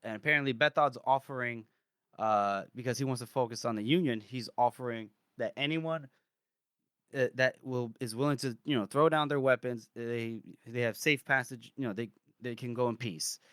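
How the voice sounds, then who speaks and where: Man, podcast co-host, casual book recap, crisp voice, dry close sound. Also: mid-range voice, normal speed, a bit bright, no room sound. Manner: loose, laughing plot recap with profanity.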